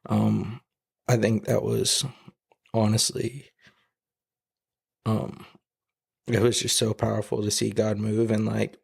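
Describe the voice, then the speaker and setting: Gravelly, husky man telling a halting testimony. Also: on the low side, level tone, darkish tone. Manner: halting, many fillers and restarts. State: emotional, near tears. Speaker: podcast guest. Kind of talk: emotional personal testimony.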